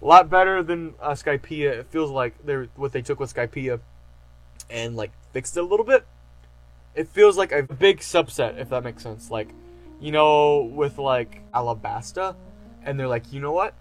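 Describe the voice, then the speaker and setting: A man's voice: medium pitch, moderate pace, faint music behind. A man giving a casual, enthusiastic review, rambling with lots of fillers. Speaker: anime reviewer.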